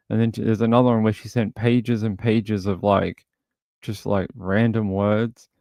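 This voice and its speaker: A man's voice: on the low side, flat delivery, normal speed, a little mellow, no echo. A man hosting a casual livestream, chatting and thinking aloud as he scrolls through material. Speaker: livestream host.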